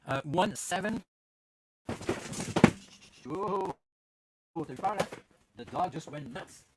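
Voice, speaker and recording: A man's voice: sits high, lively intonation, slow, very noisy. A man hosting a podcast from home in casual chat, rambling with many fillers and restarts. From Canada. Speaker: podcast host. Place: at home with his dog.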